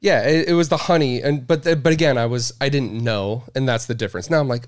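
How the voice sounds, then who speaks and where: A man's voice: medium pitch, fast. A man, a guest on a podcast, speaking in casual chat in an offhand manner with some swearing.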